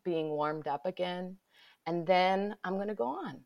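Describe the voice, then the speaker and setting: A woman guest, an author, telling a personal story in conversation, lively and dropping to whispers for her inner thoughts. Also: fairly low pitch, unhurried.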